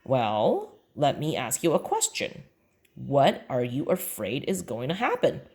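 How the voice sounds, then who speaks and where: A woman voicing a calm, gently teasing mother in a children's book read aloud. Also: a bass voice, measured pace, exaggerated voice.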